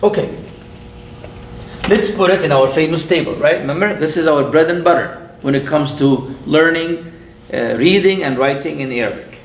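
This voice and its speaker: A man, an imam, teaching a classroom lesson, patient and playful, repeating sounds slowly for his students. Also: fairly high pitch, a little hiss or hum. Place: mosque classroom. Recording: echoey room.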